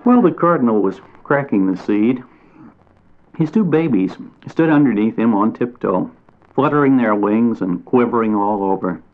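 Gravelly man reading a storybook. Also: fairly low pitch. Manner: gentle, unhurried, lingers on descriptive phrases. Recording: tinny phone-like audio.

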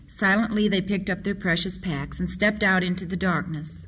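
Steady children's storyteller. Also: medium pitch, moderate pace, slight background noise. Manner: steady, expressive reading. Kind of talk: reading children's stories aloud.

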